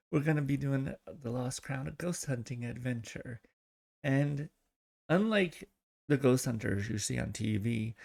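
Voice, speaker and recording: A man's voice: mid-range voice, gravelly, a little mellow. A man hosting a gaming channel, giving chatty, rambling let's-play commentary into a desk microphone.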